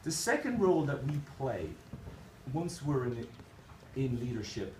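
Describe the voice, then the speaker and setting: A man giving a motivational conference keynote, animated and jokey, speaking straight to the crowd. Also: mid-range voice, measured pace. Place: conference hall. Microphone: distant camera mic. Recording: echoey hall, distant mic, noisy room.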